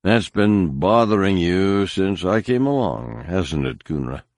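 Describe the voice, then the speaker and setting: A cold, contemptuous schemer speaks calmly and slowly, taunting in a very deep voice, as a male narrator plays him. His words stay measured. The recording is dry and close. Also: no room sound.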